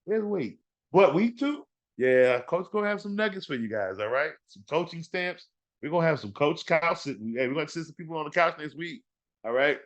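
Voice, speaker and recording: Animated trash-talking man hosting a podcast. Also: a little high, brisk. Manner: animated, trash-talking, repeats words for emphasis. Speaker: fantasy football podcast host. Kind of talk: casual sports podcast talk.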